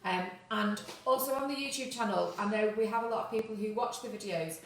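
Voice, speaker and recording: A woman's voice: mid-range voice, fairly quick, a little hiss or hum. A woman co-hosting a live cooking stream from behind the camera, reading out comments and reminders. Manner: reads viewer comments, gives reminders. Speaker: co-host on camera duty. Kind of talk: casual live chat. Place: home kitchen. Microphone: far from camera mic. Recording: very echoey, distant kitchen sound.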